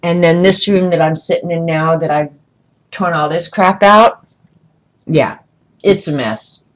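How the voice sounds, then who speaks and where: A woman chats on a home livestream, showing off her things. She rambles easily and calls out to viewers by name. Her voice sits a little low. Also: unhurried, rough recording. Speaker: vlogger showing travel souvenirs. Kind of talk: casual livestream chat. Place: room at home.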